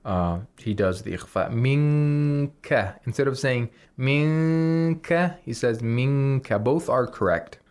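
A man's voice: medium pitch, moderate pace, hardly any pauses. Man patiently teaching Quran recitation. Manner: explains patiently, demonstrates recitation by example. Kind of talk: radio lesson on Quran recitation.

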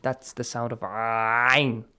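A man's voice: medium pitch, lively intonation, normal speed. Patient, encouraging recitation teacher, man. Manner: patient, encouraging, explains and models sounds. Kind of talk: radio lesson, coaching students.

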